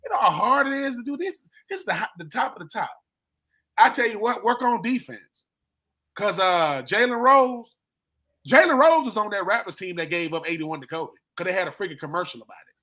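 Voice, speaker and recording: A man, a former player, telling stories with animated emphasis on a live-streamed sports talk show. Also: sits high, fairly quick. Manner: animated storytelling, emphatic repetition. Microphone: live stream call.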